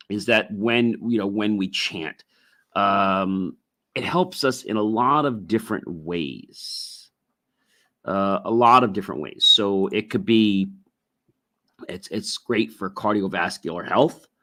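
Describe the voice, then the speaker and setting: A man with a fairly low voice hosts a solo podcast in a loose, rambling way, full of fillers and repeated phrases. He stops now and then to chant long, drawn-out oms for the listener. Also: pushed and bright. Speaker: podcast host. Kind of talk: casual solo podcast talk.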